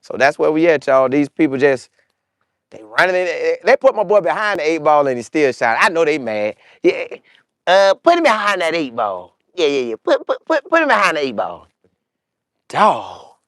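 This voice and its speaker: An excitable man hosts a loose sports talk show, his voice swinging high and low as he riffs in slang and acts out trash talk. He sits a little higher than most men in pitch. The sound is dry and close, with no room around it. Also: a little fast, no echo. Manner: animated, slangy, mimics players in quoted voices. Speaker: show host. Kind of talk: casual commentary with live chat.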